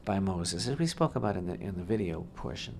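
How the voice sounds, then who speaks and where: A man's voice: sits low, lively intonation, a little fast, gravelly, darkish tone, slight background noise. A man co-hosting a Torah discussion on talk radio, speaking expansively and emphatically and often repeating his phrases. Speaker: rabbi co-host.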